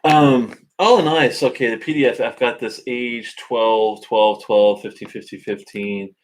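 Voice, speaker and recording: A man hosting a casual live stream from home, thinking aloud in a halting way with many fillers and restarts, speaking into a webcam. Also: mid-range voice, a little hiss or hum. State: hiccups.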